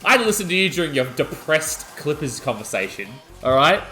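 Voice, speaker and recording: A young adult man, co-hosting a podcast and telling a wild story in excitable casual chat. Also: fairly high pitch, fairly quick, faint music behind. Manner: animated, excitable storytelling, yelling out quoted lines. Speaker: podcast co-host.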